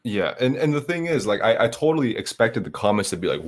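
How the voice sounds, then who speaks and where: A man's voice: medium pitch, sing-song, fast. A young man from Southern California, a co-host talking in an intense, rambling, profane way. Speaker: podcast co-host. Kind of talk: casual chat.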